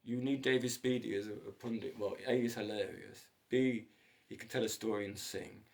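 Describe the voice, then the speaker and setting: Gravelly man rambling through stories. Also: fairly low pitch, fairly even intonation, normal speed, darkish tone. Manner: digressive, jokey, wandering between stories. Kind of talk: rambling solo monologue.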